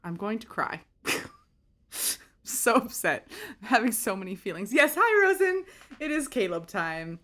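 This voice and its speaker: A young woman giving excited, dramatic, laughing commentary on her game play-through, swearing freely. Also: on the high side, unhurried. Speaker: streamer.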